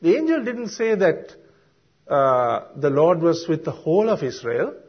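A man preaching a sermon, explaining Bible verses slowly and deliberately with frequent ums and uhs. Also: fairly high pitch, very animated, breathy edge. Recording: dull lo-fi sermon recording.

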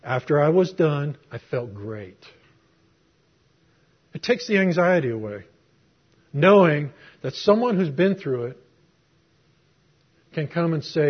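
A man's voice: fairly high pitch, expressive, slow pace, long pauses, slightly rough. A middle-aged man preaching a sermon, telling a personal story in a conversational way with rhetorical questions. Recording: muffled lo-fi recording.

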